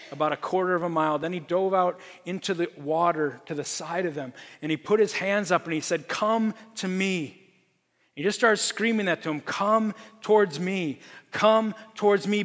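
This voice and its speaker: A man preaching a sermon as pastor, earnest and repeating phrases for emphasis, dropping to a hush for his appeals. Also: high-pitched. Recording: long reverb from a large room.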